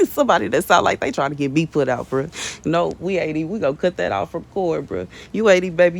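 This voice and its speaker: A woman delivers a casual prophetic message from a bedroom in her mother's house. She is animated and slangy, laughs often, and calls listeners baby and bruh. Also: low-pitched, fairly quick, creaky.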